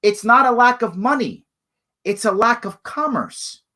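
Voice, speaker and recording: A man's voice: very high-pitched, measured pace. A man hosting a live show, answering viewer questions in emphatic, repetitive bursts. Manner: emphatic, animated, repeats points for stress. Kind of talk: live call-in style solo talk.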